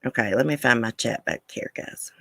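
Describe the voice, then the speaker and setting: A woman's voice: very deep voice, normal speed, vocal fry, dry recording. Blunt woman chatting live. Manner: blunt, angry and profane, then chatty. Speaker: livestream host. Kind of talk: casual chat with live viewers.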